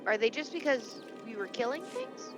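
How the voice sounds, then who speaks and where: A woman's voice: on the high side, big pitch swings, normal speed. A woman playing a video game alongside a friend, chatting and reading quest text aloud. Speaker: co-player. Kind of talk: casual gameplay chat. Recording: loud game music behind voice.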